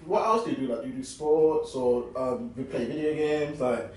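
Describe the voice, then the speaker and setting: A young man hosting a casual podcast, joking and quick to agree. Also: medium pitch. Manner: lively, jokey, quick to agree. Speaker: podcast host. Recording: echoey room, distant mic, faint noise.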